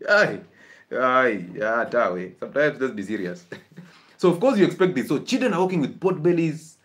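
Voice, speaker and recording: A man giving a live health talk in an animated, preachy way, laughing often. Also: medium pitch, normal speed. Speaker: health educator.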